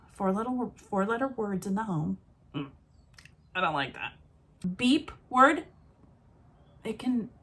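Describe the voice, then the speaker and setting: A woman's voice: mid-range voice, breathy edge. A woman in her forties talking frankly and reflectively to her viewers in a casual, motherly monologue. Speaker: vlogger.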